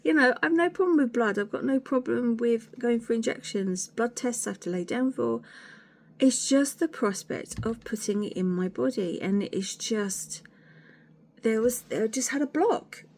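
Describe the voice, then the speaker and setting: A woman's voice: on the high side, measured pace, darkish tone. A woman, chatting candidly to camera in a rambling, sweary, self-deprecating way. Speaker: vlogger. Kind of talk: candid casual chat to camera.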